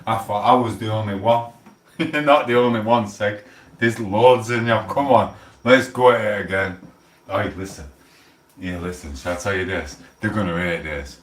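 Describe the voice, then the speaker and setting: Tipsy streamer, low voice, chatty banter, distant in an echoey room. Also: male voice, normal speed. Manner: chatty, rambling, loud banter. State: a bit drunk. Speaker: livestream host. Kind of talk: casual rambling livestream chat. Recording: roomy echo, distant from mic.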